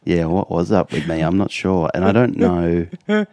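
A man's voice: deep voice, normal speed, a little mellow, dry recording. A man co-hosting a podcast in casual chat, easygoing and dry, laughing along. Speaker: podcast co-host. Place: home room, remote call.

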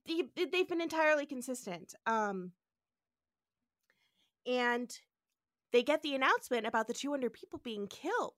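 A woman's voice: sits high, lively intonation, normal speed, pauses often, fairly bright tone, no room sound, clean studio sound. A woman co-hosting a podcast, casually recapping an episode and acting out quotes with animation. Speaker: podcast co-host.

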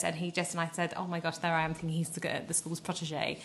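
A woman's voice: lowish voice, level tone, fast, a bit bright. A woman in her thirties co-hosting a podcast, telling rambling stories and prone to giggles. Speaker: podcast co-host. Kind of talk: casual chat.

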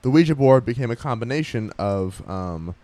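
A man hosting a podcast in a casual, animated and chatty way. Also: medium pitch, moderate pace. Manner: animated, chatty, frequent fillers. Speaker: podcast host.

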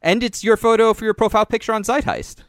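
A man's voice: high-pitched, level tone, fast talker. A man hosting a podcast and running a guessing game for his co-hosts, talking loosely in casual chat with plenty of fillers. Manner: loose, rambling, lots of fillers.

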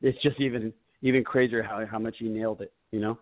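A man's voice: on the low side, fairly even intonation, no room sound. An easily amused male co-host chats about a film trailer, often stopping to restart his sentences. The sound is dry and thin, like it is coming over a phone line. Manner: enthusiastic, laughs easily, halting restarts. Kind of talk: casual podcast chat.

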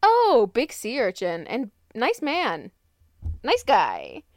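A woman chatting casually as a podcast co-host, rambling and animated, with lots of fillers and laughter. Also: on the high side, takes it slowly, no echo.

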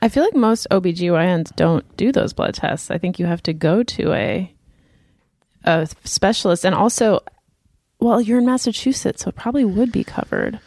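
A woman's voice: mid-range voice, animated, moderate pace, a little mellow, dry recording. A woman co-hosting a casual podcast, easygoing and chiming in with agreement and advice. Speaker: podcast co-host.

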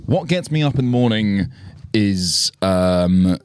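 A man's voice: lowish voice, expressive, slow, slight background noise. A young man co-hosting a podcast, rambling, self-deprecating and swearing freely in casual banter. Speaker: podcast co-host, actor.

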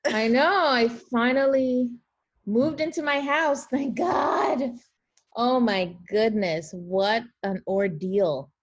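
A woman's voice: on the high side, slow pace, breathy edge, lo-fi sound. Woman, podcast co-host, casual chat, cheerful, laughs a lot. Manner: laughs often, tired but cheerful.

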